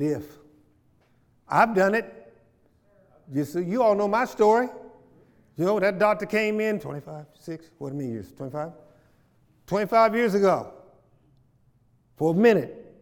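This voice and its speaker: A man teaching scripture to a congregation, his fairly high voice building from easy conversation into fervent preaching. He keeps turning to the room with questions and repeats his phrases. A long hall reverb trails every line. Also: a little mellow. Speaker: Bible study teacher. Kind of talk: church teaching with call and response.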